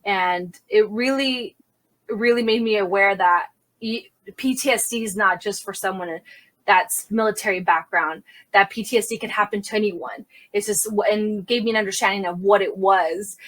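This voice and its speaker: A young adult woman, a crime scene investigator, telling a candid story in an interview and acting out the quotes loudly. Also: medium pitch, normal speed. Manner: animated, acts out quotes loudly.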